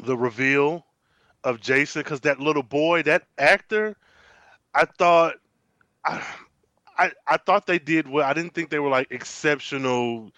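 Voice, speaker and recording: A man's voice: fairly high pitch, a little slow, pushed and bright, dry recording. A man co-hosting a podcast, talking in a blunt, profane, casual way. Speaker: podcast co-host. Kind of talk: casual chat.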